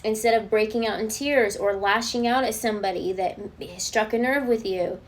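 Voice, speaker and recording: A woman of middling pitch gives a tarot reading straight to her viewers. She speaks in an earnest, spiritual way and keeps checking in to reassure them. A faint hiss sits under her voice. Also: moderate pace. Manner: reassuring, often checks in with the listener. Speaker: tarot card reader. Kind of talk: spoken tarot reading, channeled guidance.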